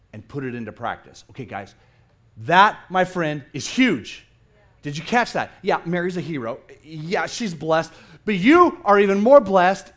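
A middle-aged man preaching a sermon in a church, playful and animated, acting out the people he quotes. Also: sits high, normal speed. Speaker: pastor. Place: church sanctuary.

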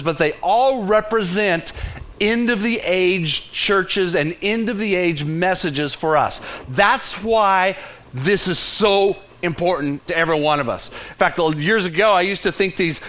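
Man, pastor preaching a sermon, high voice, stammering restarts, hushed near-whisper moments. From Texas.

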